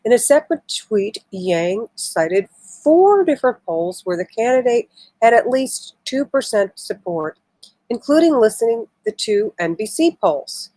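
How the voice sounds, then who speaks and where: A woman's voice: on the high side, very animated, unhurried, dark tone, no echo, rough recording. A woman hosting a casual political live stream, reading news articles aloud with indignant, emotional asides. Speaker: political livestream host.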